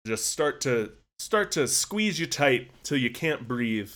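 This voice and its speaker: A man co-hosting a podcast, setting a scene in second person with measured, storytelling delivery. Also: medium pitch, sing-song, a bit bright. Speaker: podcast co-host. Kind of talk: casual chat, storytelling.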